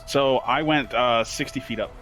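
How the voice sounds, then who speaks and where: A man playing a tabletop game, describing what his character does, slow and lively with sudden jumps in pitch. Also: faint music behind. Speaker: player.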